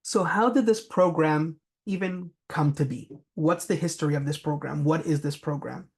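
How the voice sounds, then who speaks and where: A man's voice: a little high, moderate pace. A man giving a business talk, telling anecdotes with frequent fillers. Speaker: presenter.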